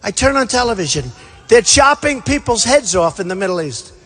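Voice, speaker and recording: Guy with a high voice doing a rally speech, bragging, repeats himself, big echoey hall. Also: very animated, brisk, fairly bright tone. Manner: boastful, repetitive, punchy emphasis. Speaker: political candidate at a rally. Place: large indoor rally venue. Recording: long hall reverb at a rally.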